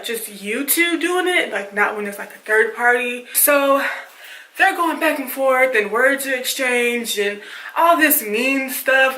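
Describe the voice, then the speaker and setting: A woman vlogger telling a dramatic story casually, in an animated way with lots of fillers. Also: on the high side, reverberant, slight background noise, low-quality recording.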